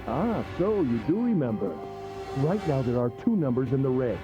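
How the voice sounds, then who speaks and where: An actor playing a sadistic, mocking male captor who speaks with gentlemanly politeness in a video game. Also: medium pitch, sing-song, normal speed, dull audio, music in the background, lightly acted. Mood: taunting. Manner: polite, taunting, cackling.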